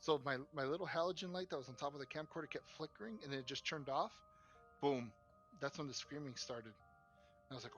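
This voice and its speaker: A young man co-hosting a podcast, casually telling a story in an animated, profane way and acting out what people said. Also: a little high, fast talker, soft background music. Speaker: podcast co-host.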